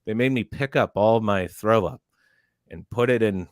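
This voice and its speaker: Male podcast storyteller, low voice, animated, dry close-miked studio sound. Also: normal speed, clean tone, dry recording. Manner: animated, barks quoted drill lines. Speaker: podcast panelist. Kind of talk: casual storytelling.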